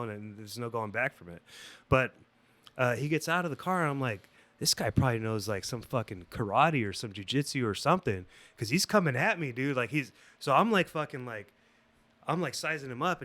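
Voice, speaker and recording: A man guesting on a podcast, telling a story in casual, rambling, swear-heavy talk. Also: mid-range voice. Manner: profane, rambling, animated.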